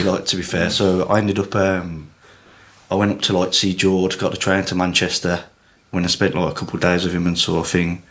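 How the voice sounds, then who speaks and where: A man's voice: deep voice, level tone, fairly quick, a bit bright. A young man talking casually on a podcast, rambling and swearing, with lots of fillers. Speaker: podcast guest. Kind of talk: emotional casual chat.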